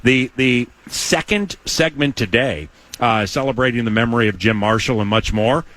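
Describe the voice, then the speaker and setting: A man's voice: mid-range voice, normal speed, a bit bright, dry recording. A male sports radio host chatting with a guest, effusive in his praise and rambling with many fillers.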